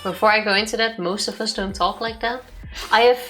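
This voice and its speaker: A woman's voice: medium pitch, fairly even intonation, a little fast, a bit bright, soft background music. A woman co-host with a Dutch accent, a native Dutch speaker, chatting casually, laughing easily and trailing off mid-sentence. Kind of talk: casual chat.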